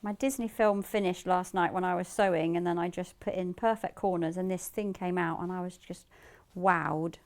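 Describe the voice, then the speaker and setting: A woman's voice: fairly low pitch, steady tone, normal speed, hardly any pauses. A woman demonstrating sewing live in a TV studio, explaining each step in a chatty way and laughing easily. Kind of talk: live shopping-TV sewing demo.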